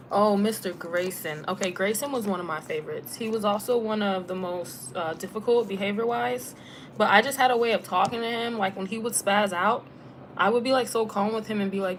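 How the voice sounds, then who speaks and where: Chatty young woman on a relaxed live stream. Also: mid-range voice, slight background noise. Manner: relaxed and chatty, heavy use of "like" with slang. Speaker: travel vlogger and former teacher. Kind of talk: casual live Q&A chat.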